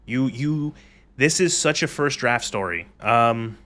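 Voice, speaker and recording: A man's voice: mid-range voice, animated, slow, pushed and bright. A man streaming a game live, ranting casually with frequent swearing and reading chat aloud. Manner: rambling, profane, reads chat aloud.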